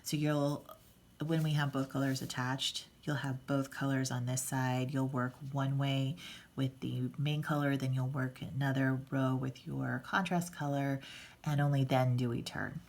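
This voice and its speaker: Low-voiced woman teaching knitting. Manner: patient, chatty, with fillers and self-corrections. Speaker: knitting instructor. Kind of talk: casual hands-on craft tutorial.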